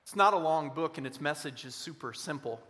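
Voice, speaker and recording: A man preaching a sermon in a church, earnest and slowing down to stress key words. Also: fairly high pitch, expressive, bright, forceful tone, big-room sound. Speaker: pastor. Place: church sanctuary.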